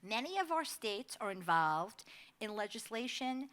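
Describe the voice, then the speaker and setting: A middle-aged woman giving a conversational presentation, an animated storyteller who laughs often. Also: on the high side, a little slow. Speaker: advocacy staff speaker.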